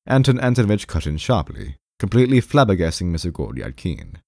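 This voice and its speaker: A man narrating a classic novel as an audiobook in a measured, expressive way. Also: sits low, vocal fry, no echo, clean studio sound.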